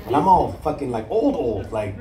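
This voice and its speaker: A man's voice: mid-range voice, very animated, normal speed. A man doing crowd-work stand-up on a cruise ship, teasing the audience with profane jokes and laughing at his own lines. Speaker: stand-up comedian. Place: cruise ship comedy club. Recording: echoey room, loud crowd laughter.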